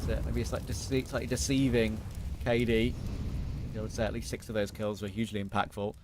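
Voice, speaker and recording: A man doing live play-by-play esports commentary, calling the action quickly and excitedly. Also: lowish voice. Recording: broadcast with clear background noise.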